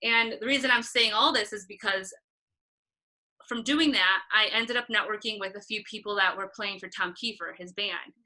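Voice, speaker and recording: A woman concert photographer telling a story in a casual interview, animated and acting out what others said, laughing often. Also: mid-range voice, normal speed, low-quality recording. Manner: animated, acts out quoted voices, laughs often.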